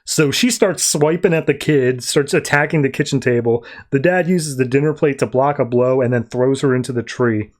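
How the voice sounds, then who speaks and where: A man's voice: medium pitch, normal speed, few pauses. A man hosting a podcast, loosely summarizing a comic story in a conversational way with fillers and asides. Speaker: podcast host. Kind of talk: casual comic book recap.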